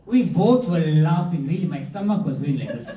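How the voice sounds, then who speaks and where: A man's voice: on the high side, sing-song, moderate pace. A man telling a funny personal story about himself as a devotee, laughing often and mocking himself. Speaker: devotee sharing a testimony. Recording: roomy, distant, dull hall recording.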